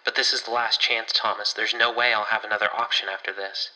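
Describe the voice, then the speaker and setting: A man's voice: fairly low pitch, level tone, fairly quick, pushed and bright, rough recording. A man voicing an anxious young man who speaks tensely and urgently.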